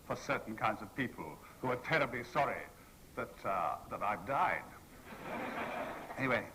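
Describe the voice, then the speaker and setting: A man in his sixties tells anecdotes to an audience on a convention hall panel, playful and theatrical as he acts out the people he quotes. His mid-range voice is expressive, bright, and forceful and a little slow, in a low-quality recording with slight background noise.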